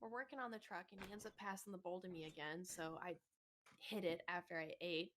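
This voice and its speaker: Animated woman telling a story. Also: lowish voice, brisk, slight background noise. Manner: animated, laughing often, acts out other people's lines. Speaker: podcast co-host. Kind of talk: casual storytelling chat.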